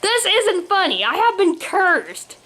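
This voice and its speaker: A woman's voice: fairly high pitch, big pitch swings, a little slow, pushed and bright, heavily acted. A woman reading a storybook aloud and voicing a cranky middle-aged man who has been turned into a talking swan. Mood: grumpy. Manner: cranky, complaining.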